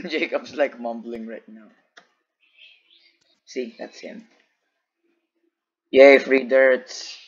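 A man's voice: medium pitch, steady tone, very slow, pauses often, slightly rough, highs cut off. A man giving casual commentary on a game over a group call, playful and teasing, laughing often. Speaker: gameplay commentator.

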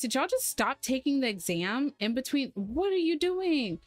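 A woman's voice: sits high, expressive, moderate pace, few pauses, no room sound, faint music behind. A woman hosting a gaming channel, giving chatty, sarcastic, easily exasperated commentary while she plays. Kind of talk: casual gameplay commentary.

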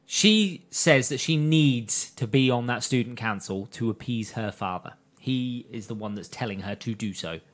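Man, podcast co-host, casual chat, average pitch, long retellings. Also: fairly bright tone. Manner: chatty, retells scenes at length.

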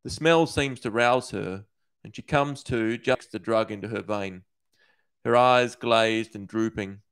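Man reading a dark story aloud. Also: on the low side, a little slow, smooth. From Australia. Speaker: author.

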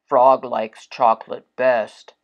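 A woman's voice: very deep voice, little pitch movement, takes it slowly, lo-fi sound, voice pushed down. A woman voicing a small, fretful male toad in a storybook reading, crying out in alarm. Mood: earnest. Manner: cries out in rising alarm.

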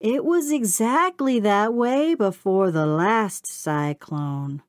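A woman voicing a folksy old male beaver who speaks with a slow drawl. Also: medium pitch, lively intonation, dry recording, studio quality, voice pushed up. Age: older.

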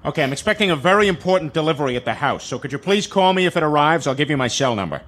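A man voicing a loud, bumbling middle-aged cartoon dad who rants in a blustery, exasperated way. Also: on the high side, lively intonation, rapid-fire. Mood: cheerful. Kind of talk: cartoon sitcom voice acting.

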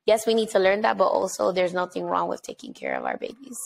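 Chatty woman podcast host, slightly gravelly. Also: fairly low pitch, huge pitch swings, poor audio. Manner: chatty storyteller, quick asides. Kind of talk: casual chat.

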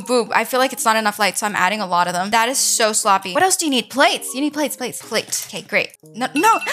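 Young female game creator, bright tone, chatty, self-mocking, flustered. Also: sits high. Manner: chatty, self-deprecating, flustered under time pressure. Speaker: gaming creator. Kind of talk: casual gameplay commentary.

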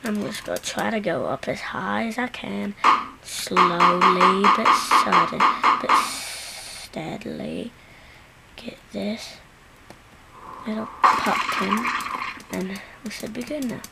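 A woman giving casual, excitable, self-mocking commentary while playing a video game at home. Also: mid-range voice, measured pace, vocal fry. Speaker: gameplay commentator. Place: home, seated at computer. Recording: loud background noise.

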